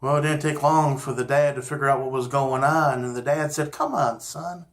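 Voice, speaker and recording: A man telling a story in a gentle, unhurried, folksy way, as host of a storytelling series. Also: medium pitch, flat delivery. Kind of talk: storytelling narration.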